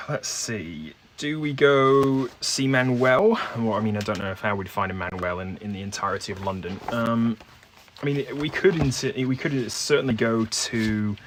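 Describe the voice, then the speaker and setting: Reading a detective board game case aloud by himself, this man ponders the clues in a hesitant, filler-heavy way. He has a lowish voice at a moderate pace, and there's slight background noise.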